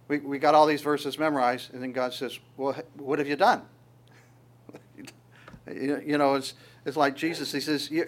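A man preaching a sermon in a conversational way, with halting restarts and acted-out quotes. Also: on the high side.

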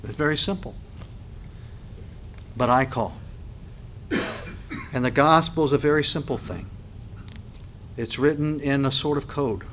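A man preaching a sermon as a pastor. He rises sharply in pitch and volume when he reads scripture aloud. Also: a little slow, pauses often, fairly bright tone, a little hiss or hum.

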